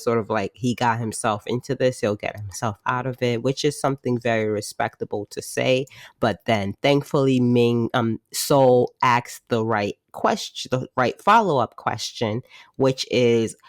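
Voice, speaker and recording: A woman's voice: a bass voice, unhurried, dry recording. A woman hosting a podcast, recapping a drama episode in a chatty, wry way and saying "like" often. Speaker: podcast host. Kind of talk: casual drama recap commentary.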